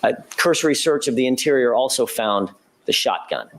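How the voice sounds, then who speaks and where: A man giving a courtroom opening statement as a prosecutor, laying out events in a measured, methodical way with an occasional self-correction. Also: medium pitch, animated.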